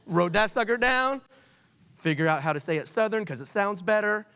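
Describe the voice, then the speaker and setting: A man from Washington, D.C. hosting a conference session, coaching the audience in an energetic way and quizzing the room with questions. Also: high-pitched, moderate pace, clear, resonant tone. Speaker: conference host.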